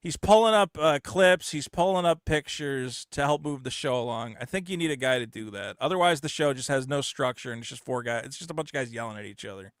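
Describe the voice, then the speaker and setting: A man's voice: medium pitch, fairly quick, few pauses, clear, resonant tone, no echo, clean studio sound. A man hosting a podcast in casual, blunt, profane chat, often mocking others in exaggerated voices. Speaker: podcast host.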